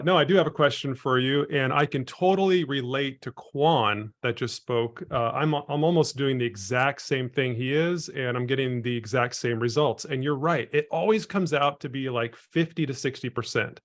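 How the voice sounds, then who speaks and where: A man's voice: mid-range voice, fairly bright tone. Earnest man asking a question. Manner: earnest, thinking aloud, filler-heavy. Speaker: caller, student trader. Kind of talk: call-in question.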